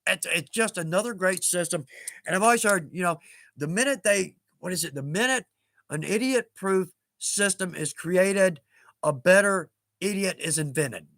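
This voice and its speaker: A man in his fifties hosts a casual livestream, his voice sitting high for a man. He rambles through stories in a chatty, self-mocking way, chuckling often. The sound is close and dry. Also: moderate pace, a bit bright, dry recording. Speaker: livestream host.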